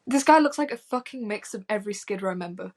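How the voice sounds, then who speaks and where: Young woman co-host, casual chat, giggly and blunt, mid pitch. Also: animated, quick pace, darkish tone. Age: young adult. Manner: giggly, blunt, swears freely. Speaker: co-host of a music review.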